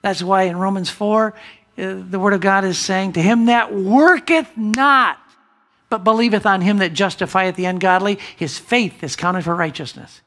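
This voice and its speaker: A man preaching a sermon as pastor in a church, emphatic, with big swings from loud declarations to hushed asides. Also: sits high, fairly even intonation, moderate pace. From United States. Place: church sanctuary.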